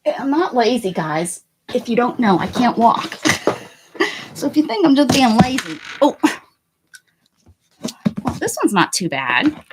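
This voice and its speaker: A woman hosting a casual art livestream from home, chatty and self-mocking, laughing often and muttering softly to herself as she works. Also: a little high, sing-song, a little slow, pauses often, background noise. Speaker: art channel host.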